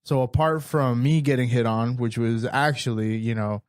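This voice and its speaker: A man's voice: mid-range voice, steady tone, moderate pace, smooth, no room sound, clean studio sound. A man co-hosting a podcast, telling stories in casual chat and laughing often. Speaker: podcast co-host.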